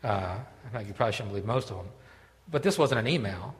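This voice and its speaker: A male pastor preaching a sermon, animated and conversational, moving between loud scripture reading and quiet asides. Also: lowish voice, fast, long reverb tail.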